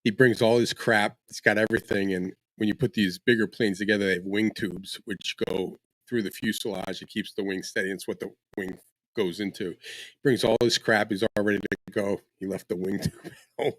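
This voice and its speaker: A man co-hosting a podcast, telling an animated story and acting out what people said. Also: low voice, brisk, no room sound, low-quality recording. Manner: animated, acts out quotes. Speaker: podcast co-host. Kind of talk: casual storytelling.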